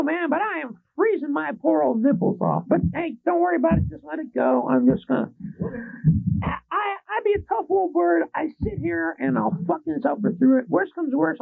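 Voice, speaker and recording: A man's voice: extremely high pitch, vocal fry, dry recording. A man with a Texan accent hosting a public access talk show, rambling and profane. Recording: tinny lo-fi public access audio.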